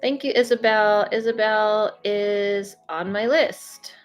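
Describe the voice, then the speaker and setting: Speaking slowly at a medium pitch with fairly even intonation, a psychic medium livestreams casually from home in Los Angeles, reading viewers' comments and chatting with lots of laughs and filler words. Allergies leave her slightly stuffy, and soft music plays behind her.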